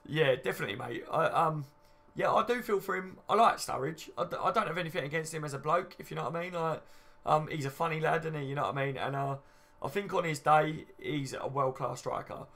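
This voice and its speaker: A man's voice: fairly high pitch, fairly quick, fairly bright tone. A man in his late twenties hosting a casual fan livestream, chatty and matey, reading out viewer comments and swearing freely. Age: late 20s. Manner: chatty, matey, swears casually, says "you know what I mean" a lot. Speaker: fan channel livestream host.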